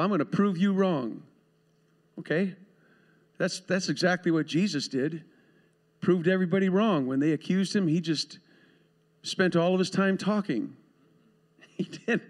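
A man with a notably high voice delivers a sermon to his congregation. His style is conversational, with quick asides and little acted exchanges. He sounds recorded in a church sanctuary. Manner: conversational preaching with asides and laughs. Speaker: pastor.

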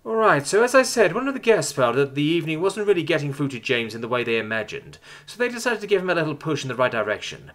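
Man doing a chirpy, brisk woman on a call. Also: fairly high pitch, big pitch swings, a bit bright, pitched above the performer's own voice. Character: curt female officer on a call, brisk.

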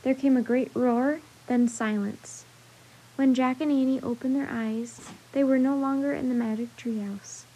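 Storyteller, female, steady gentle reading of a kids' book; mellow, slightly husky. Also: sits high, moderate pace, low-quality recording. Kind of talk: reading a children's chapter book aloud.

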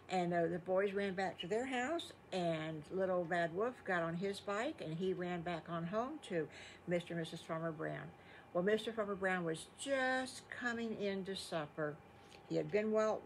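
A woman's voice: medium pitch, a little hiss or hum. Folksy older woman telling stories. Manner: folksy, chatty, with asides to children. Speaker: storyteller. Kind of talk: improvised bedtime storytelling.

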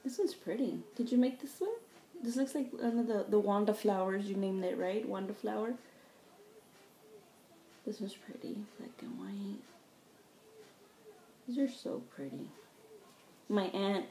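A woman's voice: mid-range voice, fairly even intonation, moderate pace, dark tone. A woman chatting casually as she unboxes craft supplies, gushing, delighted and gasping over each piece. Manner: gushing, easily delighted, gasps. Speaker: craft vlogger. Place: home room. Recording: echoey room, faint background noise.

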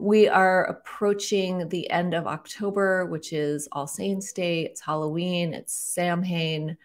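A woman in middle age speaks to the camera as the host of a weekly spiritual guidance talk. Her voice sits low and carries a gravelly fry. She moves reflectively, often repeating and restarting her phrases. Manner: warm-hearted, reflective, with repetitions and restarts. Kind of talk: casual spiritual teaching to camera.

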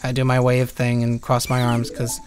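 A man's voice: medium pitch, monotone, normal speed, a little mellow, lightly acted. A man mockingly speaking as a goofy male monkey character from a video game.

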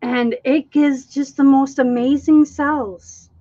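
A woman from Minnesota with a Minnesotan accent, chatting excitedly on her art live stream and calling everyone dude. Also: high voice, takes it slowly, no room sound, highs cut off. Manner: chatty, excitable, says dude and y'all often. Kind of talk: casual live stream chat.

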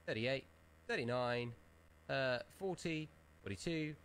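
A man's voice: mid-range voice, measured pace, a bit bright, clean tone. A man co-hosting a live gaming stream, running a raffle and reading off numbers in a rambling, swear-laced way. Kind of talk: casual live-stream chat.

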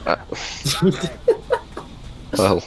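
A man's voice: drawn-out words, background noise. A man casually chatting while playing a shooter game, laid-back and laughing often. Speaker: gamer. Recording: gunfire behind voice.

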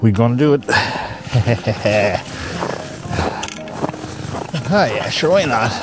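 A man's voice: mid-range voice, animated, quick pace, over music. A man vlogging outdoors on a winter hike, talking in a laid-back, rambling, self-mocking way while out of breath. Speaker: photography vlogger. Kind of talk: casual vlog commentary.

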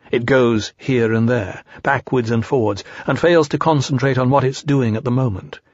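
A man reading an audiobook aloud in a calm, measured way. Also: medium pitch, no echo. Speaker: audiobook narrator. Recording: dull, dry lo-fi recording.

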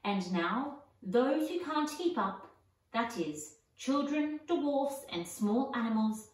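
A woman's voice: a little high, expressive, takes it slowly, voice pushed up. A woman voicing a majestic male lion who gives orders in a commanding way. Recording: echoey, distant mic.

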